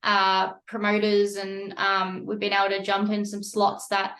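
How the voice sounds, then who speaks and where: A woman's voice: medium pitch, completely flat delivery, measured pace, fairly bright tone, echoey room. A young Australian woman, a rock singer, chatting casually with lots of fillers in a video call interview. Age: young adult.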